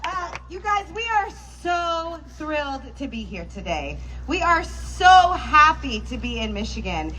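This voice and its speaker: An excited woman speaking at an outdoor political rally, laughing between lines. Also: high-pitched, unhurried, hardly any pauses, low-quality recording. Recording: outdoor rally with crowd and noise.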